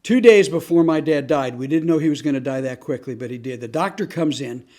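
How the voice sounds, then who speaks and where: A man hosting a talk on grief and humor, telling a true story with earnest, slow, emphatic phrasing. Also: a little high, dark tone. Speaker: host.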